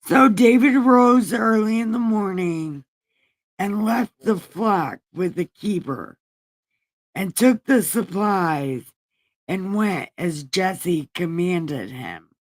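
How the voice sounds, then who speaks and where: A woman's voice: mid-range voice, lively intonation, slow. A woman hosting a livestream, reading scripture in an irreverent, casual way, paraphrasing in profane slang and talking to her viewers.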